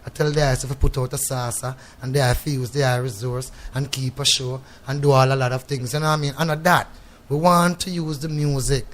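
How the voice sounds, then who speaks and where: A man's voice: medium pitch, little pitch movement, a little fast, fairly bright tone. A man with a Jamaican accent, a reggae artist giving a radio studio interview. He speaks in patois, reflective and preachy, and often checks in with "you know what I mean".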